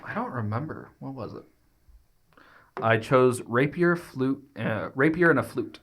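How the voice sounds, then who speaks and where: A man's voice: mid-range voice, lively intonation, measured pace, fairly bright tone. A man playing a tabletop game, talking casually and muttering as he reads his notes. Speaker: player.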